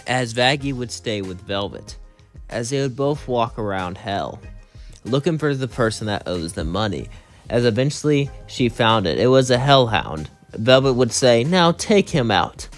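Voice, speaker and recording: A man's voice: mid-range voice, expressive, normal speed. Male storyteller, casual fan-fiction narration, long run-on sentences, faint music bed.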